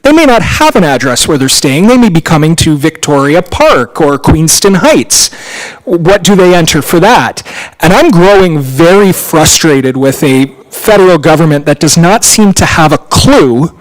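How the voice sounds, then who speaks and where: A man's voice: fairly high pitch, very animated, normal speed, low-quality recording. A man speaking as a town councillor at a council meeting, angry and impassioned, his voice raised.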